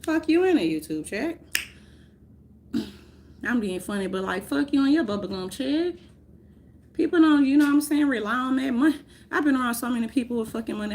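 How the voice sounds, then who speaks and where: A woman vlogging in a casual, rambling rant, swearing often, laughing, and swinging between loud outbursts and mutters. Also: a little high, slight background noise. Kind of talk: casual chat.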